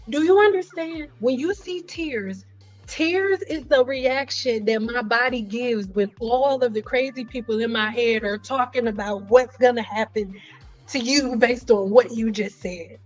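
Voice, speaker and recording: Animated woman hosting a livestream chat. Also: high voice, measured pace, faint music behind. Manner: animated storyteller, acts out quoted voices; blunt and joking, talks straight to viewers. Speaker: livestream host. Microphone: computer mic on a livestream.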